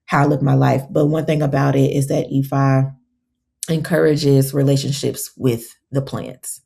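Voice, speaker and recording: A woman's voice: a bass voice, level tone, normal speed, vocal fry, dark tone, slightly rough. A woman herbalist, a guest on a podcast, telling stories in casual conversation and acting out her own quotes.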